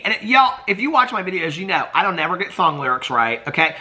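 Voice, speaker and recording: Bright-voiced man with a Southern accent. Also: a little high, expressive, fast. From Indianapolis, Indiana, US Midwest. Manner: gossipy, emphatic, keeps asking "okay?". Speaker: TV recap YouTuber. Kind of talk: casual chatty TV recap.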